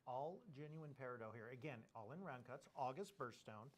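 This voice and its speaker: A man's voice: mid-range voice, expressive, brisk. A man co-hosting a live jewelry shopping presentation, explaining gem sources and craftsmanship in detail.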